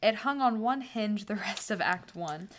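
Bright-voiced giggly woman podcast host. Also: mid-range voice, animated, unhurried, a little hiss or hum. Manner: laughs often, chimes in with quips. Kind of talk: casual chat and reading listener stories.

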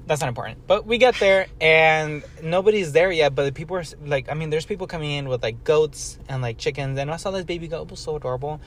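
A man's voice: fairly high pitch, fast, few pauses, fairly bright tone. A young man rambling through a casual story, full of "like" and casual swearing, talking as a co-host.

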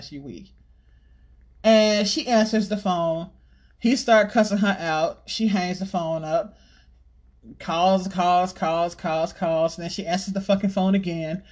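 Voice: medium pitch, takes it slowly. Blunt, cussing podcast storyteller. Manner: blunt, profanity-heavy, animated retelling. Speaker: podcast host. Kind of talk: casual storytelling monologue.

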